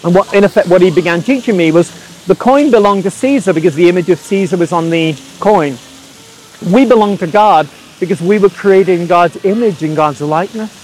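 A man, preaching through a personal story in a lively way and acting out the quotes. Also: sits high, fairly quick, a little hiss or hum, poor audio. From England. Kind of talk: storytelling sermon.

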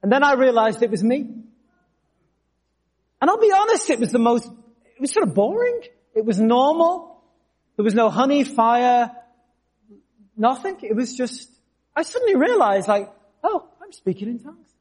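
High-voiced storytelling preacher. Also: male voice, normal speed, pauses often. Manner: storytelling, animated, jumps to shouts. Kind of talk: sermon with personal testimony.

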